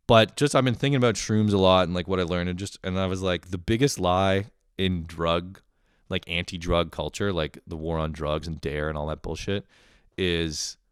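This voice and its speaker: Deep-voiced man telling a profane story. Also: clean tone, dry recording, studio quality. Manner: animated storytelling, voicing family members in shifting voices. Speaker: podcast host. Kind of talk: profane comedic monologue.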